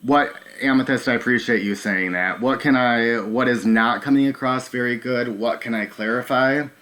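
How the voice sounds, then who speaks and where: A man hosting a live stream, talking straight to his viewers in a halting, nervous way with many filler ums. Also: medium pitch, a bit bright. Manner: talks to viewers directly. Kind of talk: live stream recounting events.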